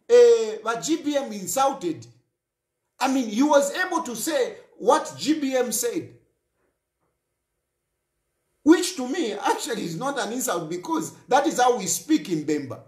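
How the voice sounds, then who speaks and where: Impassioned Zambian man, lively high voice. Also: measured pace, reverberant. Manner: emphatic, repeats phrases for force. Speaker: talk show host. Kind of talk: impassioned political monologue.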